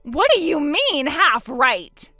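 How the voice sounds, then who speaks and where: A woman's voice: sits high, very animated, takes it slowly, pushed and bright, no echo, soft background music, full character voice. A woman voicing a boastful, spiteful young woman who mocks her sister in a text-story drama. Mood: shocked. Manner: smug, mocking, gloating.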